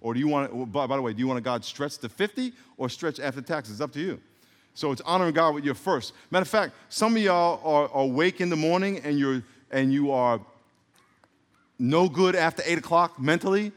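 In a reverberant church sanctuary, a middle-aged pastor with a slightly high voice preaches a little fast. His sermon drifts into joking, rambling asides, and he calls on the congregation to respond.

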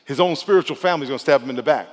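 A male pastor preaching a sermon in a conversational, emphatic way, sometimes dropping to a soft, intimate tone. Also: medium pitch, racing, long reverb tail.

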